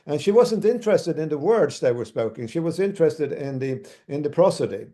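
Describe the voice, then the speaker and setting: A man giving an academic lecture as a university lecturer, speaking haltingly with many restarts. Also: fairly high pitch, lively intonation, mellow.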